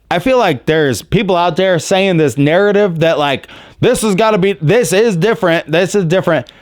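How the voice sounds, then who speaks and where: Candid, rambling male podcast host; smooth, slightly high voice, dry close sound. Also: no room sound. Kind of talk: casual opinionated chat.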